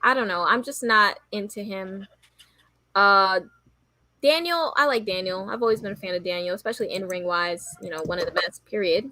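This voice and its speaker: Woman, bright tense voice, dry close sound, blunt, dismissive, halting casual opinions. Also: mid-range voice, no room sound, rough recording.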